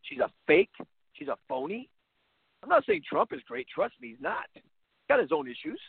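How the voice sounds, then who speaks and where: A man's voice: sits high, huge pitch swings, moderate pace, gravelly, slightly rough, no echo. A man hosting a talk show as a basketball coach, ranting bluntly and sarcastically with lots of repetition. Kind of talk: opinionated talk-radio rant. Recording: phone-line sound, dry.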